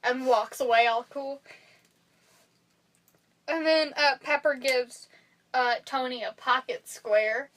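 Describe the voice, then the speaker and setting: A young woman with a high voice chats on a podcast. She retells movie moments with animated, giggly energy and a casual tone. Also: slow pace, pauses often, low-quality recording. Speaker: podcast co-host. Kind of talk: casual chat.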